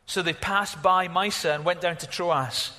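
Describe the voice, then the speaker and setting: Animated pastor preaching in a hall. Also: male voice, high voice, normal speed. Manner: animated, exclaiming, varies from loud to hushed. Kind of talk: sermon.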